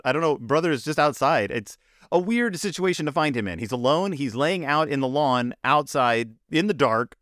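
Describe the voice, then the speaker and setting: Casting: man, comic book reviewer, rambling with wry asides, very lively pitch, dry close sound. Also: no echo.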